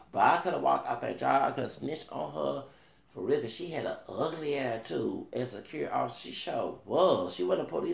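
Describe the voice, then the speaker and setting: A man, a vlogger telling a rambling, animated story in casual talk and swearing now and then. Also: mid-range voice, gravelly, reverberant.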